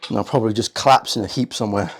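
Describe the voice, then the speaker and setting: A man's voice: on the low side, racing. A man coaching a home workout, out of breath, counting reps aloud and encouraging. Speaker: fitness coach.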